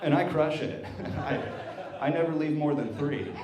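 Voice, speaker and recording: A man doing a stand-up comedy set, telling stories in a deadpan way with acted quotes. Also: a little high, normal speed, background noise. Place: brewery stage with live audience. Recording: roomy live venue with crowd laughter. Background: audience laughing.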